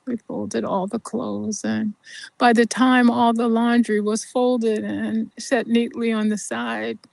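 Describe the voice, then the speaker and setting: An older woman tells a personal story on her podcast, taking her time over every phrase. Her fairly high voice has a gravelly edge and often sinks to a soft near-whisper. The sound is close and dry, with no room around it. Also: flat delivery, takes it slowly, dry recording. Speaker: podcast host.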